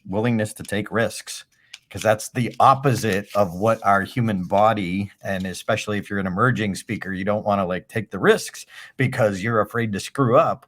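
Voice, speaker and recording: A middle-aged man hosting a podcast, asking his guest questions in an enthusiastic, rambling way and often restarting his sentences. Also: lowish voice. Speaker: podcast co-host. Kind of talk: casual interview chat.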